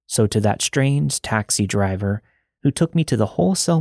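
A man hosting a podcast, reading a listener's horror story aloud in a steady, conversational way on a close mic. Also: lowish voice, moderate pace, gravelly, no room sound. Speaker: podcast host and narrator.

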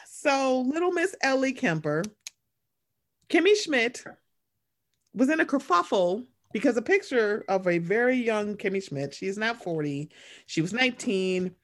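A man hosting a casual chat, animated and sarcastic, swearing freely and slipping into mocking voices. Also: very high voice, unhurried.

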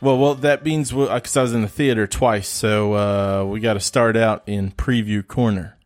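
A man's voice: on the low side, steady tone, moderate pace. A man from the Midwest co-hosting a casual film podcast, talking hesitantly with lots of ums and easy laughs. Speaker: podcast co-host.

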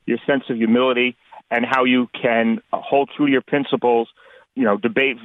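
A man's voice: mid-range voice, level tone, fairly quick. A man in his fifties from New York calling in to a radio show, earnest and formal, hesitating with many fillers. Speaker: caller. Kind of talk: phone-in caller. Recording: tinny phone line.

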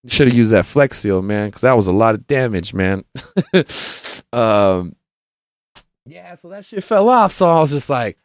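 A man's voice: medium pitch, animated, moderate pace, no echo, clean studio sound. A man hosting his own podcast, telling a casual, rambling, profane story that is full of laughs and acted-out quotes. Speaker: podcast host.

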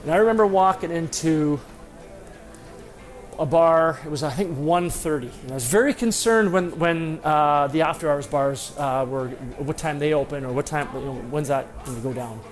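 A man's voice: a little high, moderate pace. Rambling man telling a self-deprecating story. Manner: rambling, self-deprecating, frequent fillers and restarts. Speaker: former pro hockey player telling a story. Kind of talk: casual anecdotal storytelling.

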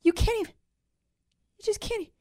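A woman's voice: very high voice, normal speed, warm tone. A woman hosting a political commentary show, telling the story in a sarcastic, mocking way.

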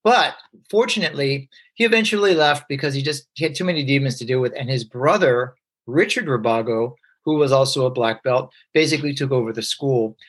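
A man telling a personal story as a guest, lively, acting out the voices of people he quotes, with many fillers. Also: medium pitch, a little fast.

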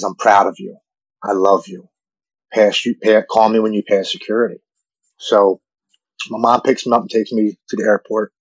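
A man in his forties telling a deeply personal story in an earnest, halting way, often repeating words when moved. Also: husky, dry recording, muffled recording. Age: 40s.

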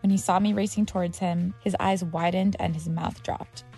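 A woman's voice: on the low side, steady tone, normal speed, warm tone, husky, soft background music. A woman telling her own story as scripted narration, tense and vivid. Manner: tense, vivid storytelling with heated quoted outbursts.

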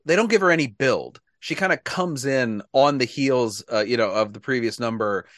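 A man's voice: mid-range voice, animated, normal speed, a bit bright, no room sound, clean studio sound. A man hosting a podcast in casual chat, wry and talkative, laughing at his own jokes. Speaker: podcast host.

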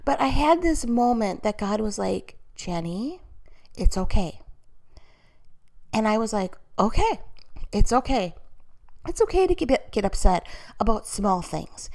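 A woman's voice: fairly high pitch, very animated, measured pace, vocal fry, darkish tone. A middle-aged woman telling a personal story in a chatty, candid way, with light self-mockery, as she shares a faith-based reflection. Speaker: mother sharing a personal story. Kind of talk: casual faith-based vlog talk.

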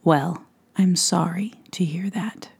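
A woman voicing a kind, courteous widowed woodsman in a soft whispered role-play. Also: on the low side, takes it slowly, creaky, husky, full character voice. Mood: tender. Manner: gentle, courteous, earnest. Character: kind widowed woodsman, gentle middle-aged man.

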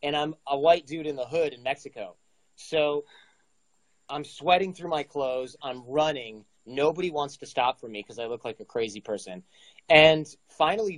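A man's voice: mid-range voice, no room sound, poor audio. A man in his forties casually telling a story, acting out the dialogue with energy. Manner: animated, acts out dialogue. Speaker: guest storyteller.

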